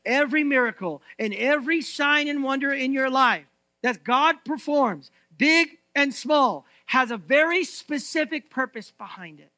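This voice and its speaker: A man preaching a church sermon, swinging between loud proclaiming and hushed, intense reading of scripture. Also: extremely high pitch, expressive, measured pace, dry recording. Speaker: pastor.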